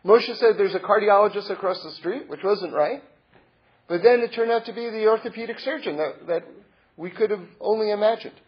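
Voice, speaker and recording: Halting, husky-voiced man telling a story. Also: high voice, dull audio. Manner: halting, many repeated words and restarts; earnest, reflective. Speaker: speaker sharing a religious lesson. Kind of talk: personal storytelling talk.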